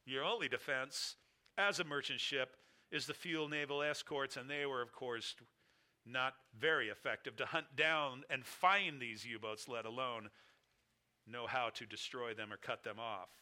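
A man's voice: mid-range voice, a little slow, pushed and bright. A man preaching a sermon, telling a story in emphatic, repeated phrases that build toward a question of faith. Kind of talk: sermon illustration.

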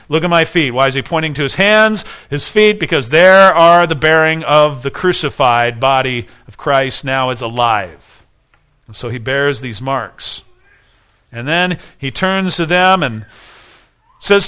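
Um homem pregando um sermão com fervor, fazendo perguntas retóricas à congregação. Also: male voice, a little high, expressive, unhurried, pushed and bright. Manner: earnest preaching with rhetorical questions. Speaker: pastor. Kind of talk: sermon.

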